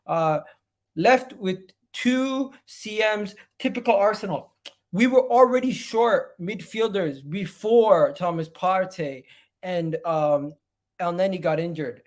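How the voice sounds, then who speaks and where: A man on a live stream, venting his frustration to his chat. He repeats phrases again and again and swings between loud outbursts and low, muttered asides. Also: slow pace. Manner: exasperated, repeats phrases over and over. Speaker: fan channel host. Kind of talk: live-stream football fan rant.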